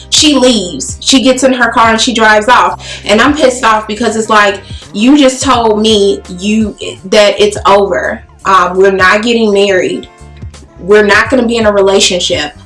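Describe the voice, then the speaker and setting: A woman's voice: mid-range voice, normal speed. A woman telling a personal story in a casual, blunt and profane way, acting out the dialogue. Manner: animated, blunt and profane, acts out quoted dialogue. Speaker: beauty vlogger telling a story. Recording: roomy echo with faint music.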